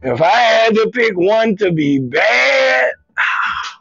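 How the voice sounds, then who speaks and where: High gravelly comedian, loud and raunchy. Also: male voice, very animated, takes it slowly, no room sound. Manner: loud storytelling with shouted outbursts and groans; chats with viewers by name. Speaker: comedian hosting a live show. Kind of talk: raunchy comedic livestream monologue. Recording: dull lo-fi stream audio.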